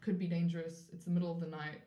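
Woman from South Africa, podcast guest. Lowish voice, animated storyteller, lots of "like", roomy echo. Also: fast talker. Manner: animated, acts out quoted voices, frequent "like" fillers. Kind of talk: storytelling in a casual interview. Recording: roomy echoey room.

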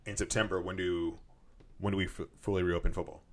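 A man co-hosting a podcast, talking excitably and jumping between points in casual sports chat. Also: low-pitched. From Southern California. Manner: quick, excitable, jumps between points with lots of "like". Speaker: podcast co-host.

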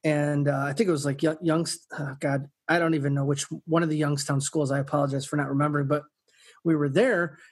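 A man's voice: a little high, level tone, fairly quick, slightly rough. A man co-hosting a podcast in casual chat, telling rambling stories with many restarts. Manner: rambling storyteller, restarts often. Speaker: podcast co-host.

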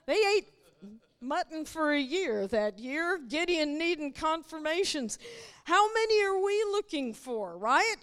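A woman's voice: extremely high pitch, animated, a little slow, a bit bright. A woman preaching a sermon in a church, teasing the congregation and acting out quoted voices in a playful manner. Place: church sanctuary. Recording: long hall reverb.

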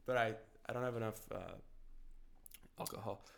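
A man's voice: lowish voice, steady tone, fast talker, a bit bright. Rambling, chuckling male podcast host. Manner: rambling, chuckling, lots of restarts. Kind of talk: casual chat. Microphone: studio-style podcast mic, audio only.

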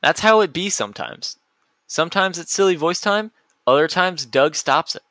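Goofy rambling man, bright dry voice. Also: a little high, animated, moderate pace, dry recording. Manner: goofy, rambling, self-interrupting. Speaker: podcast host. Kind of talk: rambling solo podcast chat.

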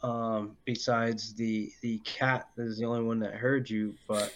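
Man, podcast co-host, casual chat, slow and halting, many fillers, dull lo-fi sound. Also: medium pitch, little pitch movement, slight background noise. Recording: dull lo-fi audio.

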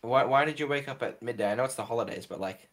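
A man's voice: mid-range voice, fast talker, a bit bright. A young Australian man hosting a casual podcast, rambling and joking with lots of fillers. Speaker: podcast host.

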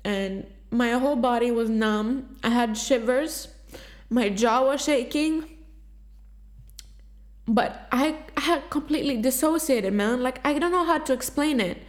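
High-voiced woman telling a raw confessional story. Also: measured pace. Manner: raw, emotional, swears freely; rambling, filler-heavy with frequent restarts. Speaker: vlogger sharing a personal story. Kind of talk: candid confessional monologue.

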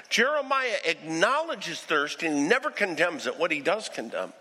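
A man preaches with a lively, rising and falling voice, slipping into short acted-out voices as he tells the story. His tone is bright and carries, with long hall reverb trailing behind it. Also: high-pitched, measured pace, few pauses. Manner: animated preaching, acts out quoted voices. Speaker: pastor. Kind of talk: sermon.

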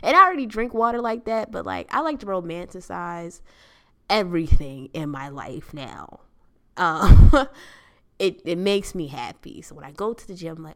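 A young adult woman hosting a solo podcast, speaking in a casual, animated rant, laughing often. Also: mid-range voice, normal speed. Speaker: podcast host.

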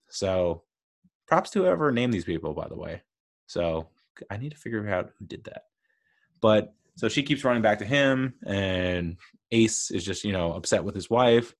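Low-voiced guy rambling through a movie review, laughs a lot, lots of "i mean" and "you know". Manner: rambling and chatty, with frequent laughs and fillers. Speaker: film reviewer. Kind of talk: casual movie review monologue.

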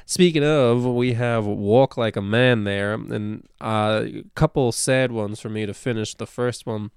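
Rambling podcast guy, smooth and dry. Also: fairly low pitch, measured pace, dry recording. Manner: animated, swears freely, rambling with many fillers. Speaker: podcast co-host. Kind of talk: casual podcast discussion.

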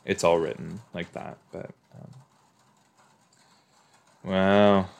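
Slow, gushing low-voiced man. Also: vocal fry. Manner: gushing, exclaiming, laughs along. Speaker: podcast host. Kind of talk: reaction commentary while watching a TV episode.

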